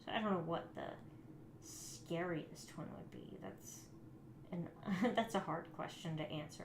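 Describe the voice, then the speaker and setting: Slow-talking woman building on a livestream. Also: lowish voice, very animated, roomy sound, slight background noise. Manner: frustrated, muttering and often soft-spoken while building. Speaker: host of a live building stream. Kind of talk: casual live-stream chat.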